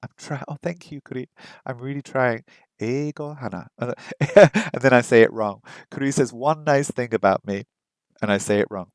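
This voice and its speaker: A man chatting casually on a live stream, thinking aloud and slowly sounding out and repeating foreign words as he studies on a language app. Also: mid-range voice, no echo, studio quality. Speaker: live streamer learning Japanese. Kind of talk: casual chat while studying on a language app.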